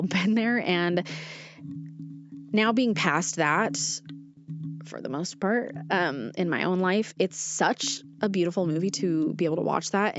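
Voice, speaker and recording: A woman's voice: lowish voice, muffled recording. Earnest rambling young woman podcast host. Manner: earnest, gushing, rambling with many fillers. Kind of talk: casual solo podcast chat.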